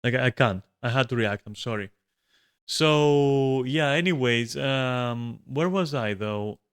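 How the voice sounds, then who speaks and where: A man's voice: medium pitch, slow, fairly bright tone, clean tone. A man streaming from a room at home, ranting casually with lots of swearing, restarts and filler words. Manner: swears a lot, frequent restarts and filler likes. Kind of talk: casual rambling rant.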